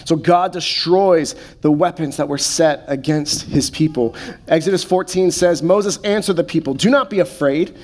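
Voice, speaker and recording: A male pastor in his thirties delivers a sermon in a voice sitting a little high for a man. He moves steadily through scripture, then drops into soft, unhurried pauses to let a thought settle. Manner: measured preaching with slow, soft pauses.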